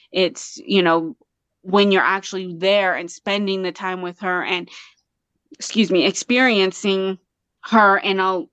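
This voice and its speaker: A woman's voice: fairly low pitch, a bit bright, clear, resonant tone, dry recording. A woman from Colorado, a guest on an interview show, talking earnestly and passionately with many restarts. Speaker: guest artist and mother. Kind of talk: casual interview talk.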